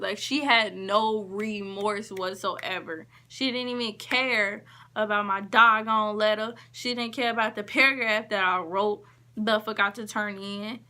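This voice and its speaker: A woman vlogger telling a story in a casual, emphatic way, acting out what people said and shifting between quick and drawn-out phrases. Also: mid-range voice. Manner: emphatic, animated retelling with quoted dialogue.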